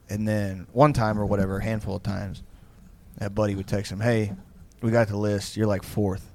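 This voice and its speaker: A man's voice: lowish voice, flat delivery, normal speed, a little mellow. A young man co-hosting a podcast, telling rambling, profane stories in casual chat. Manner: profane, rambling storytelling with frequent laughs. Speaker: podcast co-host.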